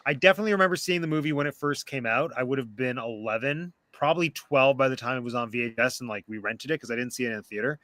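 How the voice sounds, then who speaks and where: A man in his late thirties hosts a relaxed live discussion, talking over a video call. His voice is bright and forward, and the sound is dry with no room around it. He talks in a loose, chatty way, full of fillers. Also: mid-range voice, quick pace, hardly any pauses, no echo. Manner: chatty, uses many fillers. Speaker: podcast host.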